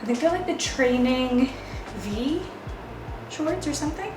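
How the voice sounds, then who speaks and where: A woman's voice: sits high, expressive, a little slow. A young woman talking casually to camera as a lifestyle vlogger, chatty and upbeat, with lots of "like" fillers. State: out of breath after running. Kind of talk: casual vlog chat. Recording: roomy echo, faint music behind.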